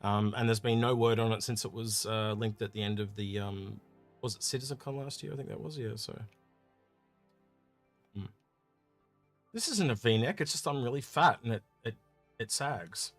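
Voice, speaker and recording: A man co-hosting a casual livestream Q&A, chatty and animated, often trailing off with "so yeah". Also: medium pitch, normal speed, long pauses, faint music behind. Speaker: co-host.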